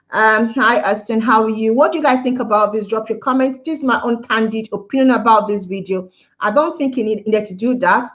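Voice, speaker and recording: A woman's voice: fairly high pitch, dull audio. A woman hosting a casual livestream, giving an emphatic opinion, repeating her points and talking to viewers. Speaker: livestream host. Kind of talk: casual live-stream commentary.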